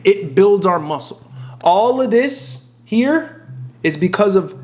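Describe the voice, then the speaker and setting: A man's voice: high voice, animated, normal speed. A young man giving blunt, profane fitness advice straight to camera, emphatic and often cutting himself off mid-sentence. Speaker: fitness content creator. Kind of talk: casual direct-to-camera advice.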